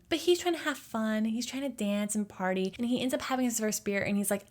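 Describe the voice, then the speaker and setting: A woman's voice: a little high, brisk. A young woman giving a casual, jokey movie recap, full of slangy asides.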